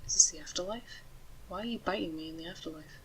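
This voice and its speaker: A woman voicing a parched, bewildered stranded man with a croaking voice in a storybook reading, asking hesitant questions. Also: fairly low pitch, fast, a little hiss or hum, lightly acted, low-quality recording. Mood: pleading.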